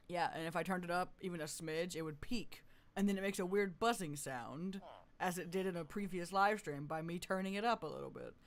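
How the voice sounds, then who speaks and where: A man chatting through a live game stream, swinging from mumbly asides to loud, cartoonish exclamations and laughing often. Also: sits high, brisk. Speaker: gaming streamer. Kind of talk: live gameplay commentary.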